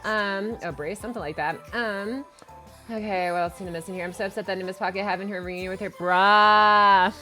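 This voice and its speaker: A young woman streaming and chatting casually with her viewers, rambling with lots of fillers and restarts and breaking into excited squeals. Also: mid-range voice, fast, faint music behind. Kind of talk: casual chat reading stream chat.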